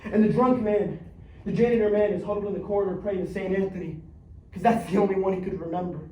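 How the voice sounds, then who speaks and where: A man's voice: high-pitched, steady tone, fast, darkish tone, slight background noise, natural voice. An actor on a theater stage playing a streetwise young man who believes he is Batman, talking in slang and acting out fights with sound effects. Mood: thrilled. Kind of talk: theatrical monologue. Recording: echoey stage recorded from far off.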